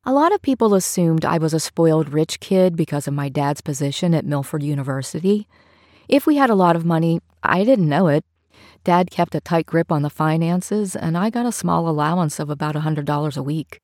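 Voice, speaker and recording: A woman narrating a story in the first person, in a steady, measured storytelling manner. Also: low voice, no echo, studio quality. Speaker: audiobook narrator.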